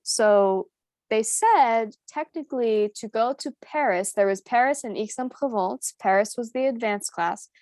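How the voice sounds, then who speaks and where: Animated American woman, high and dry. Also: a little slow, no echo. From United States. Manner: animated, laughing, switching between English and French. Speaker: co-host. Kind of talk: casual chat.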